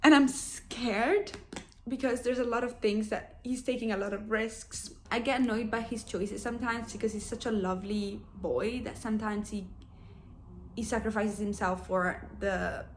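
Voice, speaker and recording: A young woman in her twenties chatting casually about books she is reading, animated and openly emotional. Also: mid-range voice, moderate pace, slight background noise. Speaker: book vlogger. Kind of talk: casual chat.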